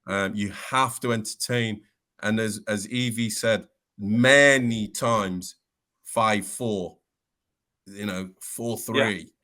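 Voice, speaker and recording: Male podcast guest, lowish bright voice, reflective storyteller with restarts. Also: slow. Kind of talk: casual podcast chat.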